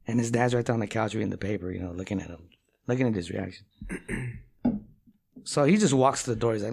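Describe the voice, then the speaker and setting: A man's voice: medium pitch, fairly quick, gravelly, long pauses. A man telling a long profane joke in casual chat, rambling and full of fillers. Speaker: rapper.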